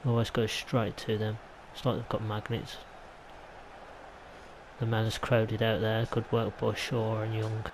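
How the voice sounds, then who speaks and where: This gaming YouTuber from England has a fairly low, monotone voice and talks a little slowly over a noisy background. He casually commentates his football video game play, chatting and rambling into mild side remarks.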